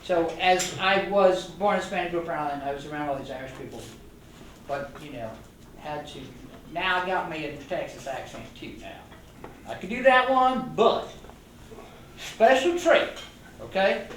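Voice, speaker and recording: A man's voice: fairly high pitch, lively intonation, unhurried, a bit bright, slight background noise. An older man speaks as a guest lecturer, rambling and enthusiastic as he trades quips with the audience. He is heard from a distant mic in a very echoey meeting room, with faint ambience underneath. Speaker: retired doctor giving a guest talk. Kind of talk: informal lecture to a club audience.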